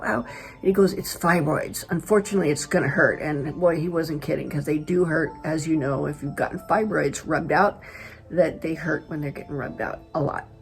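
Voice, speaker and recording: A middle-aged woman from California, chatty and animated, telling a personal story to camera as a travel vlogger. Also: low voice. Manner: chatty, animated retelling with quoted dialogue.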